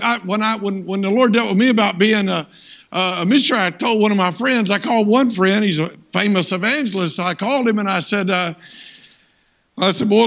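Older male guest preacher, higher voice, folksy, keeps asking the crowd for amens. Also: gravelly. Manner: animated, folksy storytelling with audience call-outs. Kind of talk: sermon.

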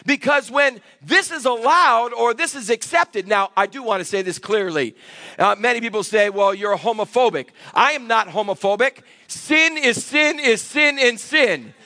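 In a church sanctuary, a male pastor preaches with emphatic call-and-response, calling for amens from the congregation. His voice is extremely high, sharp, and animated at normal speed, and the recording is dry.

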